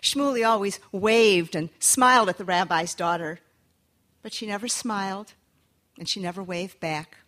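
A woman storyteller telling a folktale to an audience, lively and inviting them to join in. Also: medium pitch, measured pace.

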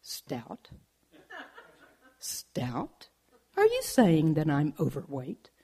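A woman's voice: deep voice, wildly swooping pitch, very slow, mellow, slightly rough, voice pushed down, heavily acted. A woman doing a fussy, vain old cactus lady. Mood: offended. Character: fussy vain female saguaro cactus, easily offended.

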